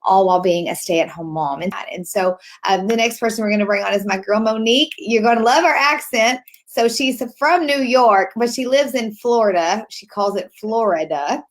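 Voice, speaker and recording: A woman's voice: fairly high pitch, moderate pace, hardly any pauses. A woman hosting a mothers' webinar over a video call, speaking in an effusive, gushing way. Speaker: host of a webinar for moms. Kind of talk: casual livestream hosting.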